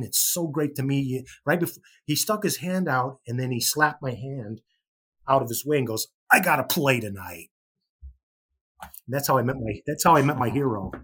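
A husky-voiced middle-aged man from Chicago tells a story as a podcast guest. He is animated and jumps into other people's voices as he quotes them, his tone a little breathy. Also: mid-range voice. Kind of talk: casual storytelling.

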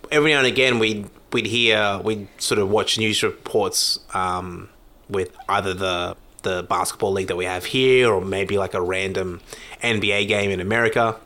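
A man's voice: lowish voice, normal speed, pushed and bright. A man with an Australian accent in a rambling casual chat, talking through stories with lots of restarts and self-deprecating asides.

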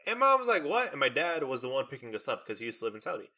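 A young man telling a long story in casual chat, animated and full of fillers, acting out the lines of the people in it. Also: mid-range voice, racing. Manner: animated storytelling with many fillers and acted-out quotes.

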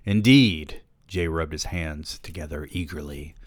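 A man's voice: low-pitched, normal speed, fairly bright tone, no echo. A man reading a novel aloud on a podcast, with dry, profane, sardonic asides.

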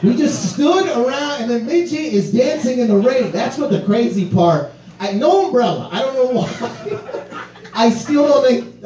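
A man telling a comic story in a casual, profane way, animated and laughing as he talks. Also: extremely high pitch, echoey room, distant mic, poor audio. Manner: animated, profane, laughs through his words.

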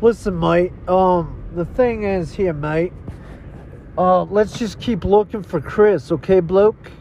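A man's voice: high voice, takes it slowly, a little mellow, slight background noise. A man voicing a bumbling male searcher with a put-on Australian accent, repeating mate and bloke. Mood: goofy. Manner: drawling, says mate and bloke constantly.

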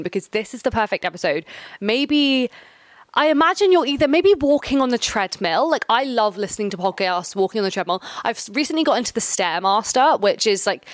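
A woman's voice: mid-range voice, no echo. Chatty young woman, dry close sound. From England. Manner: chatty, warm-hearted, rambling asides. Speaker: podcast host. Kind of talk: casual solo podcast chat.

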